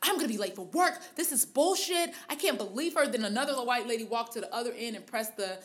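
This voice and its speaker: A woman chatting casually as a podcast co-host. She tells stories with lots of animation, acts out what other people said, and laughs as she goes. Her voice sits a little on the high side. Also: fast. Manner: animated storytelling, laughing often and acting out quotes. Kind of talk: casual chat.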